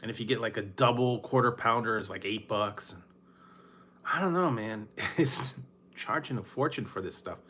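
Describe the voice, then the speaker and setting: A man from Northern California talks in a loose, rambling way, often breaking into small laughs and sighs. His voice is bright and forward, with a faint hum of room noise behind him. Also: fairly low pitch, moderate pace. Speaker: food reviewer. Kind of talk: casual late-night chat.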